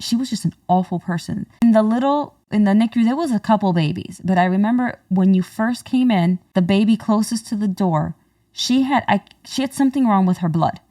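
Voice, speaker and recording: A woman co-hosting a podcast, recounting a story in an animated, chatty way with many restarts, at a middling pitch. The sound is dry and a bit distant, as if she sits back from the microphone. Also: no room sound. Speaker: podcast co-host. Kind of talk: casual storytelling conversation. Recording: dry, slightly distant mic.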